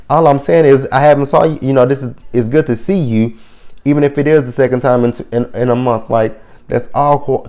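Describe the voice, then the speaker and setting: A man with a lowish, mellow voice casually recaps a reality show episode. He talks bluntly and swears freely when something annoys him. He rambles and keeps correcting himself as he goes. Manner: rambling with frequent self-corrections.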